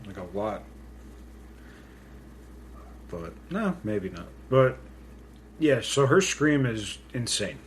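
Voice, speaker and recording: A man's voice: fairly low pitch, big pitch swings, slow pace, pauses often, a little hiss or hum. A man co-hosting a casual podcast from home, joking and self-deprecating as he talks through a movie. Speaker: podcast co-host. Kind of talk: casual chat. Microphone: pink studio mic.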